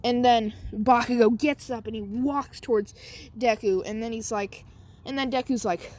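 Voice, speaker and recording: A woman's voice: a little high, steady tone, normal speed, a little mellow. A woman casually telling a made-up fan story, rambling with many fillers. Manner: rambling, lots of "like" and "um".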